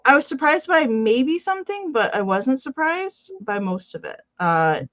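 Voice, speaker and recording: Brief: woman host on a live-stream sale, pitched a bit high, easygoing and talkative, recorded with a muffled lo-fi sound. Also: sing-song, normal speed, fairly bright tone. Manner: chatty, greets viewers by name; explains steps plainly with many fillers. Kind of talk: casual live-stream chat.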